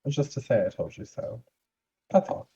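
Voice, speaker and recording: A smug old acquaintance who needles and mocks, as a game master puts him on. The voice is dark and husky, and the sound is dull and lo-fi. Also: male voice, medium pitch, big pitch swings, normal speed, full character voice. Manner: smug, mocking.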